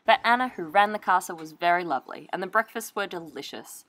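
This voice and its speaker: A woman narrating a travel vlog in a calm, informative voice-over. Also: fairly low pitch, fast, no room sound. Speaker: travel vlogger.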